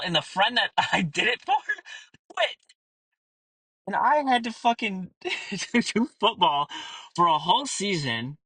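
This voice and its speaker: A man in his thirties talks straight into the mic in a frank, swearing-heavy monologue, sincere and direct. His voice is bright and forward, and the recording is dry and close, with no room sound. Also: a little high, slightly rough, dry recording, low-quality recording. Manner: blunt, profane and earnest, with frequent fillers. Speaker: podcast host. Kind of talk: candid personal monologue.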